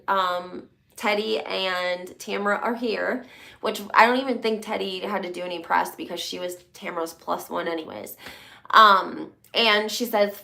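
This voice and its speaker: A woman hosting a loose gossip chat, her voice catching in a gravelly fry at the ends of phrases. She rambles along with lots of fillers and restarts. Her pitch sits in the middle for a woman. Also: a bit bright. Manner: chatty, rambling, many fillers. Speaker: host. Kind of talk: casual reality TV gossip chat.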